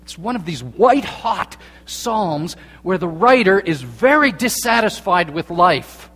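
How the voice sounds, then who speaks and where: A man preaching a sermon as a pastor, earnest, dropping to hushed tones and then rising to emphatic points. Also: high-pitched, big pitch swings, unhurried. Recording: long reverb of a large hall.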